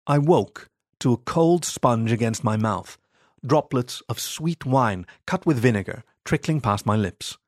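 A man narrating a first-person story in a steady, measured reading. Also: mid-range voice, dry recording, studio quality.

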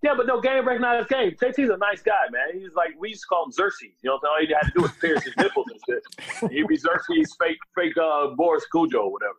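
Brash, fast-talking man on a podcast. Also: high-pitched, sing-song, a bit bright, rough recording. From USA. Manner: brash, profane, repeats filler phrases. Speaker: guest, former athlete. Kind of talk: animated storytelling.

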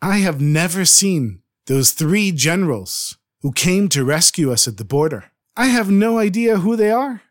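A man's voice: high voice, big pitch swings, unhurried, few pauses, no echo, studio quality. A man voicing a brash, confident male army officer who talks in a commanding, indignant way. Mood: astonished.

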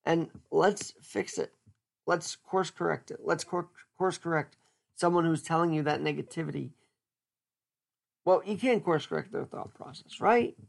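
At normal speed and a fairly high pitch, this podcast host talks with vocal fry. His solo episode is casual and jokey, full of thinking aloud and frequent restarts.

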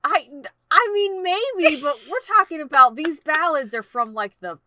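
A woman co-hosting a casual brainstorming chat, playful and quick to joke. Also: sits high, animated, sharp tone, a little hiss or hum.

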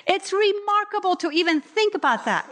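Woman giving a sermon, high voice, expressive, slows down on the bible readings. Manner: expressive, varies pace, slows for scripture readings. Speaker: preacher.

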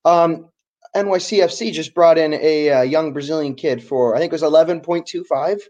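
A man's voice: fairly high pitch, moderate pace, a little mellow, dull audio. A man co-hosting a podcast, talking soccer in a casual, enthusiastic, rambling way. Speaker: podcast co-host.

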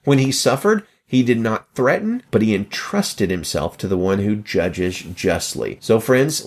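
A middle-aged man preaching a sermon, reading scripture and then talking it through, with his voice jumping up for rhetorical questions. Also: medium pitch. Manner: animated, rising sharply for rhetorical questions. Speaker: pastor.

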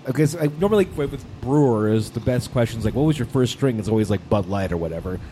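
Mellow-voiced guy from new mexico, rambling questions, faint noise behind. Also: medium pitch, lively intonation, fast talker. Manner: rambling questions full of restarts. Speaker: co-host. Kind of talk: casual chat.

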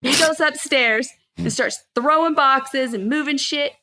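A woman's voice: high voice, measured pace. A woman in her thirties telling a heated personal story in casual chat, swearing and acting out quotes. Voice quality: animated, swearing, acts out quotes loudly. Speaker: guest.

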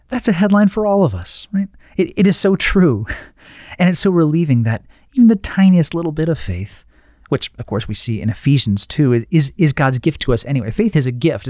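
A man's voice: medium pitch, a little mellow, no room sound, studio quality. A man giving an earnest devotional teaching talk, often restarting phrases and checking in with "right?". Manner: earnest, with frequent restarts and tag questions. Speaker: Christian teacher.

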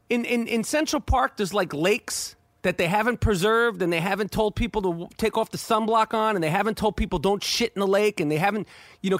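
High-voiced, profane New man. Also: no room sound. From New York. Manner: profane, excitable, stammering restarts. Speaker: podcast host. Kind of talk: casual storytelling.

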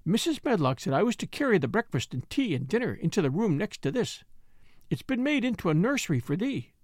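A woman's voice: mid-range voice, very animated, brisk, darkish tone, dry recording, clean studio sound. A woman voicing a kind, plainspoken young maid who talks in broad Yorkshire dialect. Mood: friendly. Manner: broad dialect, earnest and chatty.

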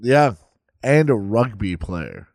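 A man co-hosting a podcast, mostly adding short deadpan jokes. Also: on the low side, slow, creaky, dry recording, clean studio sound. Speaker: podcast co-host. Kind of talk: crude casual banter.

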